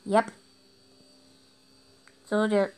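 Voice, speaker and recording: A woman's voice: mid-range voice, completely flat delivery, drawn-out words, a little mellow, smooth. A woman giving casual commentary over her own gameplay, with frustrated exclamations as she plays. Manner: exasperated exclamations while playing. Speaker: gaming video creator.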